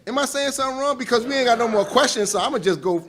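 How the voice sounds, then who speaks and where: A man's voice: very high-pitched, rapid-fire. A man leading a relationship class in a casual lecture style, laughing often, acting out quarrels and asking the room if he's right. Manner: animated, laughing, acts out quarrels; asks the room for agreement.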